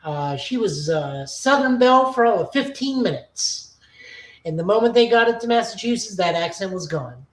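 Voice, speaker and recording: A woman's voice: medium pitch, animated, moderate pace. A woman co-hosting a casual podcast chat, giving an opinionated, nitpicky review. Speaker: podcast co-host. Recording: roomy echoing recording.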